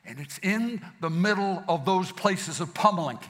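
A man preaching a sermon, swinging between loud declarations and hushed passages, in a folksy manner. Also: high-pitched, lively intonation, normal speed. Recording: long hall reverb.

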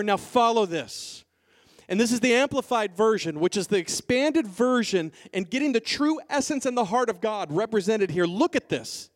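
A male pastor preaching a sermon, moving from quiet, soft passages to loud, emphatic declarations and calling out to the congregation. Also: high voice, lively intonation, moderate pace. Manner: calls to the congregation.

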